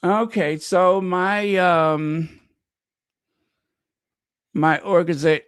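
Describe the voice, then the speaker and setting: A man's voice: mid-range voice, lively intonation, takes it slowly, no room sound, clean studio sound. A man hosting a gossip channel, chatting casually and muttering to himself as he searches for something and stumbles over words. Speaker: royal gossip channel host. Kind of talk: casual chat.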